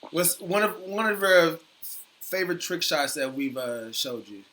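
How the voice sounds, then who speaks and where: Co-host guy with quick jokey comments, kinda high voice, lots of chatter behind him. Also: expressive, low-quality recording. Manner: short joking asides.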